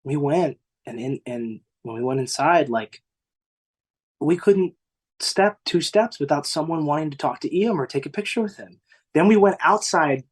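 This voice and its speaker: A young man in his twenties speaks as a podcast guest, earnest and heartfelt. His speech is casual and halting, full of fillers and restarts, and it drifts between soft, choked moments and bursts of feeling. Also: fairly high pitch, lively intonation, slightly rough. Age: 20s. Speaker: podcast guest, former singing contestant. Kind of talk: emotional interview recollection.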